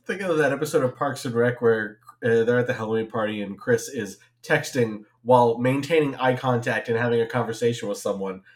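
A man's voice: mid-range voice, a little fast, hardly any pauses. Rambling man with many fillers. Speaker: podcast co-host. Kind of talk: casual podcast chat.

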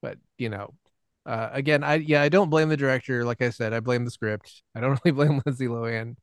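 A man with a smooth, clear voice trades easygoing thoughts on films in a podcast chat. He often laughs and restarts his sentences. The recording is dry and close. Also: medium pitch, steady tone, fairly quick, dry recording. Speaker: podcast panelist. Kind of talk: casual film chat.

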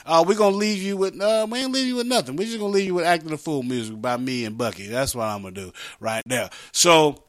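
A man's voice: a little high, fast talker, few pauses. A man hosting a casual comedy radio show, stammering through restarts and laughing often.

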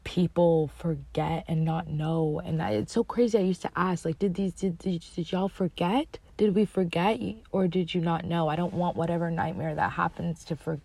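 A woman with a low, gravelly voice talks through a loose spiritual monologue straight to her viewers. Her tone is dark and husky. She rambles with emphatic repeats and casual swearing, and sometimes drops into a whisper. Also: steady tone, moderate pace, hardly any pauses, dry recording.

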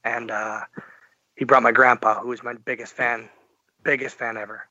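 A man's voice: mid-range voice, flat delivery, moderate pace, sharp tone, no room sound, dull audio. A man as a podcast guest, telling a story animatedly and acting out the dialogue. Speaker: interview guest. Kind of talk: podcast interview.

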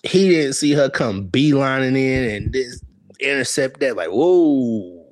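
A man's voice: medium pitch, moderate pace, no room sound. A man co-hosting a podcast, casually telling a story, laughing often and acting out what people said. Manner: laughing, animated, acts out quotes. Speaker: podcast co-host.

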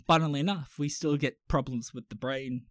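A man's voice: mid-range voice, a little fast, dry recording. A young man with an Australian accent, chatting casually as a podcast co-host, rambling and swearing with jokes. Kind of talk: casual chat.

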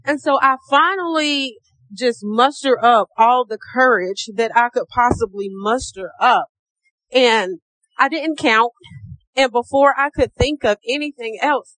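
Woman podcast host, middle-aged, AAVE, croaky tone, pitched a bit high, motivational and chatty. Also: unhurried, fairly bright tone, no room sound. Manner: encouraging, calls listeners baby and sis; acts out her own thoughts in a higher voice. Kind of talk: casual motivational podcast talk.

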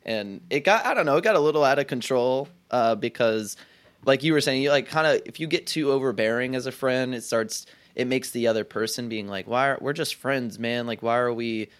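A man's voice: medium pitch, brisk. A young man in his twenties talking in a casual conversation, reflective and rambling, full of "like" and restarts.

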